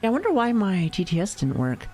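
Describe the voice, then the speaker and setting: A woman's voice: mid-range voice, huge pitch swings, fast talker, darkish tone, soft background music. A woman streamer chatting casually with her viewers, playful and giggly, often laughing and swearing lightly. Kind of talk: casual live-stream chat.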